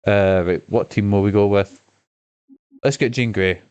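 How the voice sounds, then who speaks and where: Man, gaming streamer, casual chatty commentary, fairly low voice, curses freely. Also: fairly even intonation, unhurried, a little mellow, clear, resonant tone. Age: adult. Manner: chatty, swears freely, enthusiastic.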